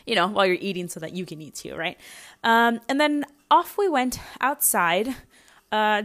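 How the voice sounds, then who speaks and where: A young woman talks straight into the mic as a podcast host, retelling a frightening day. She rambles, circles back and restarts her sentences, stacking fillers as she goes. Her voice sits at an ordinary middle pitch. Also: fairly bright tone. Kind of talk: casual storytelling monologue.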